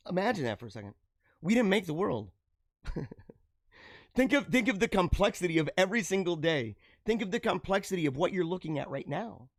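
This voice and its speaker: A high-pitched man hosts a live show, giving an exuberant, preachy pep talk with frequent laughs. The sound is dry and close, with no room around it. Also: no room sound. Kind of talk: motivational monologue.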